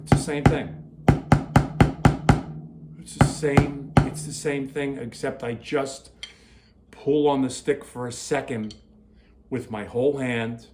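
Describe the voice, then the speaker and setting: A man teaching drum hand technique in a relaxed, repetitive way, demonstrating as he talks. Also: medium pitch. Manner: relaxed, repeats himself, talks while playing. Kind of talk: casual demonstration lesson. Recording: loud drumming behind the voice. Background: drum kit playing.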